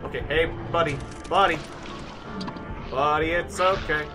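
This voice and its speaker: A man live-streaming a survival game, talking through his moves as he plays, now and then breaking into shouts. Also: fairly high pitch, unhurried, over music. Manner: animated, thinking aloud, bursts of shouting. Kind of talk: live-stream gameplay commentary.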